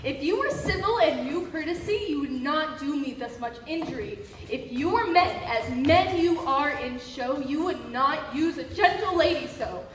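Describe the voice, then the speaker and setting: A woman's voice: high voice, expressive, moderate pace, hardly any pauses, slight background noise. A young woman playing a wounded, indignant young woman, delivering verse on a school stage. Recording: echoey hall with long reverb.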